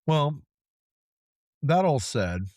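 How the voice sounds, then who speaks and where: A man's voice: on the high side, sing-song, drawn-out words, darkish tone, no room sound, clean studio sound. A man co-hosting a podcast, chatting casually and acting out quoted people as he tells a story. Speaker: podcast co-host. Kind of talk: casual chat.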